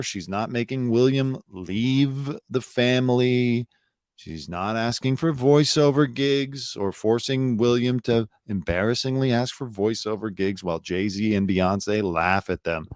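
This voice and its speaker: A man's voice: medium pitch, no room sound, studio quality. A man hosting his own live show, giving blunt, sarcastic commentary with casual swearing. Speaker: host.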